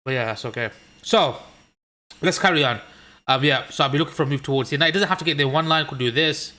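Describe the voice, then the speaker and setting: A man's voice: fairly high pitch, fast, pushed and bright. A man with a Birmingham accent casually talking through crypto charts on a live stream, chatty and joking, swearing at the chat now and then. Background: washing machine noise.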